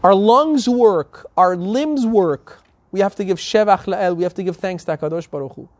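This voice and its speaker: A man's voice: high-pitched, normal speed, dry recording. A male rabbi preaching a sermon and telling a story, emphatic and building to passionate appeals.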